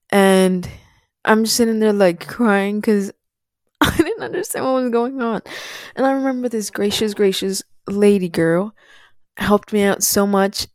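A woman whose first language is Spanish talks casually to her viewers at a middle pitch. She sounds chatty and animated, laughing often and filling her talk with loose asides. The recording is dry, with no room sound. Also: dry recording. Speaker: vlogger. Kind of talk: casual chat to camera.

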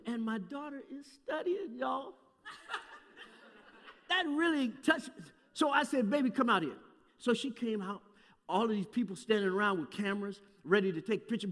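A man telling a folksy, animated sermon story to a live audience, calling out to people by name. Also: extremely high pitch. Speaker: guest preacher. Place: large hall with live audience. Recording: distant echoey hall recording.

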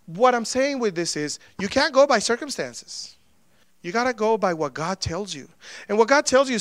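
A man preaching a sermon in a conversational way, with sudden swings between loud and soft. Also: high voice, no echo. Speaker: pastor.

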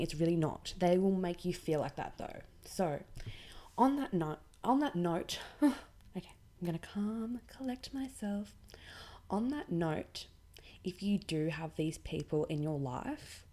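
Low-voiced sweary Australian woman ranting. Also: warm tone. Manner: blunt, sweary, exasperated. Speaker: podcast host. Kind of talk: casual ranting monologue.

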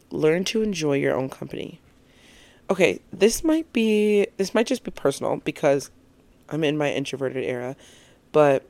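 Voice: mid-range voice, vocal fry, a little mellow, dry recording. A speaker in their twenties giving a casual, encouraging monologue as a vlogger, earnest and reflective, often laughing at their own points. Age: 20s.

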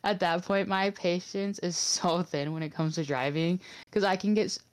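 A woman from Wisconsin co-hosting a casual podcast, complaining in an exasperated, animated way. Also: on the low side, moderate pace. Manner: animated, exasperated, laughing between phrases. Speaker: podcast co-host. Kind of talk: casual chat.

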